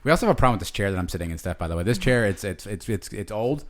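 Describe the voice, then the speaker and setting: A man's voice: lowish voice, animated, very fast, a little hiss or hum. A man in his forties co-hosting a casual podcast chat, rambling with lots of fillers and restarts. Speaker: podcast co-host.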